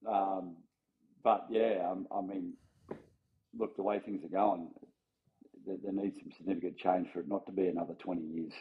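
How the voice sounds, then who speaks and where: An Australian man in his forties, a guest in a casual interview, telling anecdotes in a lively way, acting out the voices of people he quotes, with plenty of fillers and restarts. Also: deep voice, moderate pace, long pauses, phone-quality sound.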